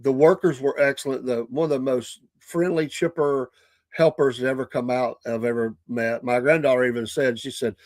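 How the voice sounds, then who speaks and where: A man's voice: medium pitch, normal speed, no room sound. An older man with a Southern US accent, hosting a podcast and telling a rambling, chuckling story in casual chat. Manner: animated, chuckling, rambling with restarts. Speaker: podcast host.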